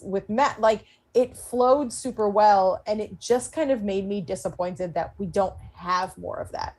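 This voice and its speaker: Woman, aftershow panelist; animated, casual, quotes with voice shifts. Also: mid-range voice.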